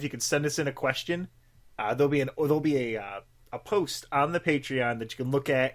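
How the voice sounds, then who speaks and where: A young man co-hosting a podcast, rambling in casual chat with lots of fillers and swearing. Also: medium pitch. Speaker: podcast co-host.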